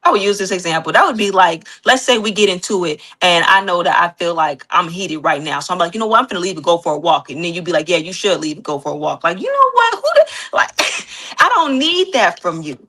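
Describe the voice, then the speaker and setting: A woman with a low, bright voice. On a podcast she explains her view through her own examples and talks frankly. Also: sing-song, fairly quick. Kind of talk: casual podcast debate.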